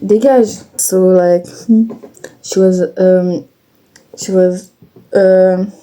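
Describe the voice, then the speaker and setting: A young woman speaking in a casual confessional vlog, candid and blunt, halting with many restarts and fillers. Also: medium pitch, steady tone, mellow. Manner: candid, blunt, occasional swearing.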